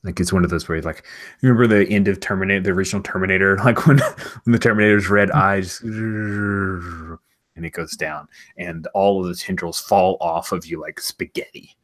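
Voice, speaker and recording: A man with a fairly low voice runs a tabletop role-playing game, describing scenes in an excited, rambling way. He fills pauses with ums and likes and keeps the narration loose and chatty. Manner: enthusiastic, rambling, with fillers and laughs. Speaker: game master.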